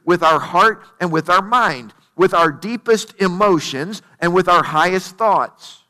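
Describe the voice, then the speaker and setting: A man's voice: sits high, animated, unhurried, sharp tone, long reverb tail. A male pastor preaching a sermon in a conversational storytelling way, asking the congregation rhetorical questions.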